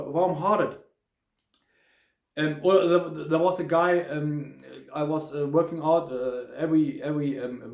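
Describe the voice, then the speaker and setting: A man with a German accent giving a casual spoken hotel review, halting, with many fillers and restarts. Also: fairly high pitch, a little mellow, echoey room.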